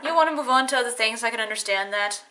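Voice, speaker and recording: Bright, enthusiastic woman chatting. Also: a little high, quick pace. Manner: enthusiastic, laughs easily. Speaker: co-host. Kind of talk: casual movie chat.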